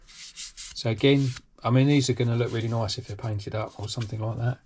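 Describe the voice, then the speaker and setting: A man's voice: medium pitch, steady tone, brisk, darkish tone. A British man hosting a hobby channel, talking casually through an unboxing with lots of ums and restarts. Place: home workshop.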